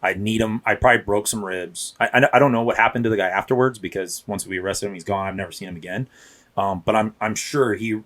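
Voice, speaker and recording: A man's voice: on the low side, fairly even intonation, fast talker, a bit bright. A man in his thirties, a police officer, telling rambling stories in casual podcast chat. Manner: rambling, restarts, acts out quotes. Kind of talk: casual storytelling.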